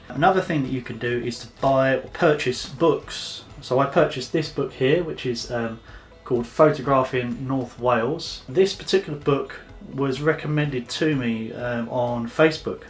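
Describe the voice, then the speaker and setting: Guy rambling thru a photo how-to, easygoing, quiet music underneath. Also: medium pitch, normal speed, few pauses. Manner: chatty, loose, with fillers and restarts. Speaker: photography vlogger. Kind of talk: casual tutorial to camera.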